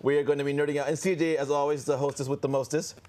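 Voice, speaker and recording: A man's voice: a little high, flat delivery, rapid-fire, a little mellow. Playful male TV host. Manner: playful, joking. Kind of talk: casual panel chat.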